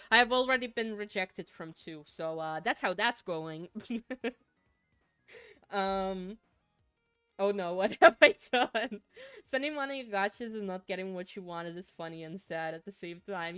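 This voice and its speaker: A woman's voice: mid-range voice, fairly bright tone, clear, resonant tone, dry recording. Giggly young woman with a mixed accent. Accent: mixed, not a typical Finnish one. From Finland. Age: young adult. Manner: giggly, rambling, with frequent laughs and restarts. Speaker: streamer. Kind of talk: casual chat while gaming, reading chat aloud.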